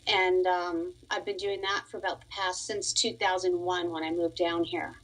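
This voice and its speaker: A woman's voice: fairly low pitch, level tone, normal speed, a bit bright, low-quality recording. A woman in her forties from Long Island, a musician and piano teacher, talking in a chatty way as a guest on a radio interview. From Long Island, New York. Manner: chatty, laughs easily.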